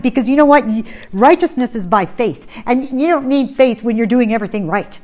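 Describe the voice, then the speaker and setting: A woman preaching a sermon, repeating key phrases, asking rhetorical questions and slowing down to read scripture aloud. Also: fairly high pitch, darkish tone.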